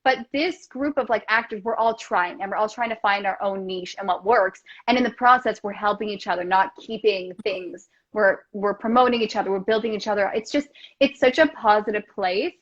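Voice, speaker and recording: A woman's voice: medium pitch, moderate pace. A woman actor speaking as a guest in a casual chat, earnest and reflective, often ending her thoughts with "right?". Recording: dull, lo-fi sound.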